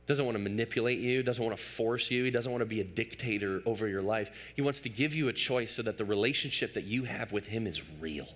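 A man's voice: mid-range voice, fairly bright tone, long reverb tail. A man in his thirties preaching a sermon as pastor, emphatic and building through repeated phrases, with asides to the congregation.

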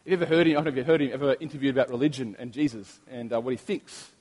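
A man's voice: medium pitch, fairly even intonation, racing, a little mellow. A man in his thirties, a pastor, preaching a sermon in a chatty, storytelling way with frequent restarts. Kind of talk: sermon with prayer. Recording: long reverb of a large hall.

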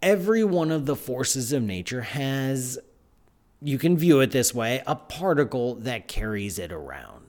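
A man hosting a live science show, talking in an excitable, animated, chatty way. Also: medium pitch, a little slow. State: out of breath. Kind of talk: live-stream science talk.

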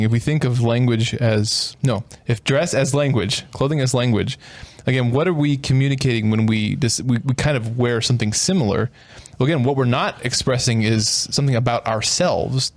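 A man's voice: medium pitch, fairly quick, dry recording. A man co-hosting a casual podcast, reasoning aloud in a thoughtful way. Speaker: podcast co-host. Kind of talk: casual chat.

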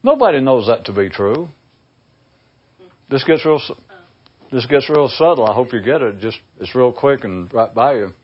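On a dull, lo-fi recording, a man rambles through a discursive monologue to his listeners, acting out imagined people in a high voice. His intonation is lively, his pace moderate, and he pauses often.

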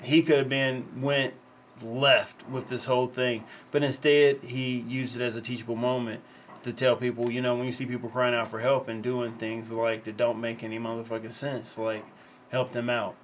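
A man's voice: medium pitch, normal speed, slight background noise. A man co-hosting a podcast, reading a story and then giving his own earnest commentary in casual talk. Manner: earnest commentary, relaxed, loose. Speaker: podcast co-host. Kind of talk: casual chat, reading a news segment.

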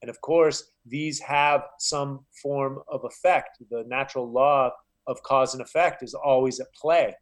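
A man in a casual interview, sounding earnest and a bit preachy as he talks. His pitch sits in a middling range, and "you know" keeps turning up between his thoughts. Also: steady tone, measured pace. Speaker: podcast guest, health coach.

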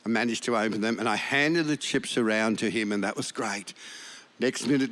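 Older male pastor, emphatic sermon delivery with a bright, forceful tone. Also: mid-range voice, fairly quick. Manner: emphatic, repeats lines for effect. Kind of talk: sermon with personal story.

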